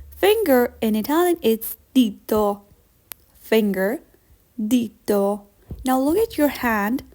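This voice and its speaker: A woman teaching a beginner vocabulary lesson, saying each word slowly and carefully and repeating it with patient encouragement. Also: a little high, darkish tone. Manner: slow, careful repetition of words. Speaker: language teacher.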